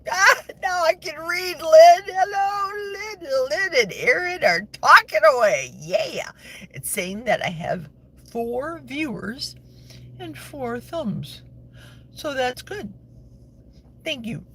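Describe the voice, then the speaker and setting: A woman's voice: mid-range voice, fairly bright tone, breathy edge. A woman in her sixties from the United States, chatting on a live stream from her parked car and answering viewer comments in a rambling, talkative way. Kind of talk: casual live-stream chat. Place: parked vehicle. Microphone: phone held in the car. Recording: car noise in the background. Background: vehicle noise.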